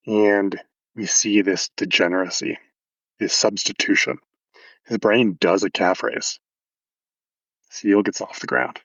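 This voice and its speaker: A man's voice: lowish voice, no room sound, lo-fi sound. A man coaching athletes, explaining movement casually in a podcast interview with anatomical detail and frequent fillers.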